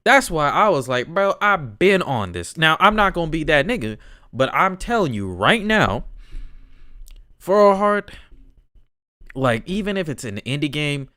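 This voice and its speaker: A man's voice: a little high, big pitch swings, a little slow, bright, forceful tone, no echo, clean studio sound. A man co-hosting a podcast, talking in a laid-back, rambling way full of fillers and slang. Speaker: podcast co-host. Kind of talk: casual chat.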